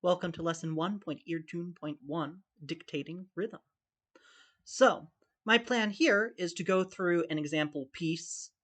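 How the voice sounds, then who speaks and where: A man's voice: on the high side, fairly bright tone. A man teaching a recorded music theory lesson, talking through each step and singing rhythms on syllables. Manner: thinks aloud, sings rhythms on syllables.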